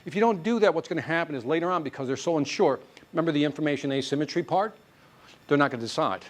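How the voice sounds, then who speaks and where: A man teaching a live sales class, quizzing the room with quick questions as he goes. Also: a little high, lively intonation. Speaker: sales trainer. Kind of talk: live sales seminar talk. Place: training classroom with a live audience.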